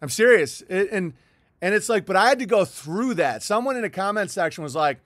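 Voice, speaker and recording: A man's voice: high voice, animated, fairly quick, a bit bright, no echo. Heated middle-aged man ranting. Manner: heated, profane, rambling with restarts. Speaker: livestream host. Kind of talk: rambling livestream monologue reading viewer chats.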